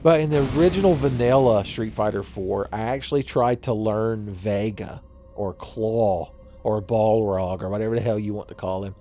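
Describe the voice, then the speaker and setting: A man's voice: on the low side, normal speed, warm tone, faint music behind. A man hosting a let's play, giving profane, sarcastic gameplay commentary and laughing at his own jokes.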